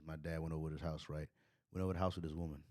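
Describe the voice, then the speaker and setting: A man in his thirties from the United States, with a Brooklyn accent, hosts a podcast and tells stories in loose, rambling chat full of fillers. His voice rumbles low and dark with a level tone, rapid-fire, recorded studio quality with no room sound.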